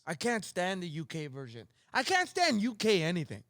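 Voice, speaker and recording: Podcast co-host, man, high and animated, playful and giggly. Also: moderate pace, no echo, studio quality. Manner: playful, laughs often. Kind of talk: casual banter.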